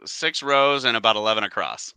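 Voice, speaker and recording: Bright, crisp-voiced man on a call. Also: fairly low pitch, brisk, no room sound. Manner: relaxed, chatty, laughs easily. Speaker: guest, scarf company representative. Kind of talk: casual video call chat.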